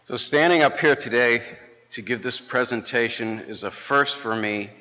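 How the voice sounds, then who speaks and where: A man's voice: medium pitch, moderate pace, pushed and bright. A man in his late fifties, a lay speaker at church, telling a folksy humorous story and then praying. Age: 50s. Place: church sanctuary. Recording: dull, long church reverb.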